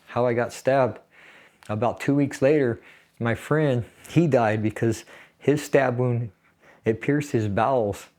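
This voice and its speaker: Mid-range and darkish in tone, this voice belongs to a Navy veteran in his sixties from San Fernando Valley, California. During an interview he shares a personal story in a casual way, laughing through its grim details.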